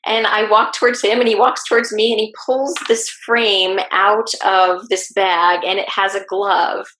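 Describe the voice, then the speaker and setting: A woman guest telling a personal story in an interview, lively and acting out what people said. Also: medium pitch, unhurried, a little hiss or hum. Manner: animated, acts out quoted speech. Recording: roomy echo.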